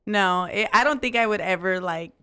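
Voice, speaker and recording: A woman's voice: medium pitch, normal speed, bright, forceful tone, smooth. A woman chatting casually on a drinking podcast, blunt and profane, laughing often. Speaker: podcast guest. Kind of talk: casual chat over drinks.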